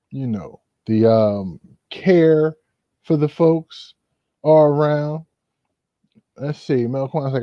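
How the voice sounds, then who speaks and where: A man's voice: fairly high pitch, no echo. Rambling casual male host. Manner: rambling, full of "you know" fillers. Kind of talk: casual commentary. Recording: dull, lo-fi.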